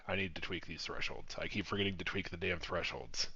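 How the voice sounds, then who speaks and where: Man, very deep voice, casual tech demo, dry dull recording. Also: a little fast, creaky, slightly rough, no echo. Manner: relaxed, explains step by step, swears casually. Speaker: software developer demoing his project.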